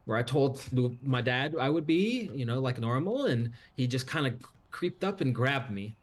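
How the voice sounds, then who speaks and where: A man's voice: medium pitch, animated, normal speed, natural voice. A man voicing a defensive seven-year-old girl who rambles indignantly.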